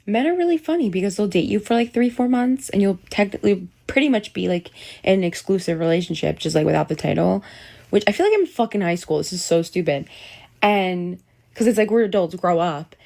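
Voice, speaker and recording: A woman's voice: medium pitch, lively intonation, brisk, creaky, a little mellow. A young woman venting casually to camera about dating, swearing a lot and mocking men in exaggerated impressions.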